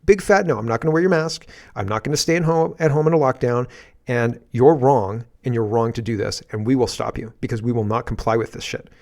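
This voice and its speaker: A man's voice: mid-range voice, a little fast, vocal fry, darkish tone. Male commentary host, unscripted rant from his garage, defiant and punchy, with frequent profanity.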